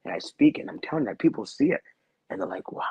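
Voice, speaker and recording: A man's voice: mid-range voice, expressive, fast, a little mellow, slightly rough, no echo, highs cut off. A man who is a guest on a talk show, telling a personal story in a rambling, earnest way and repeating his phrases.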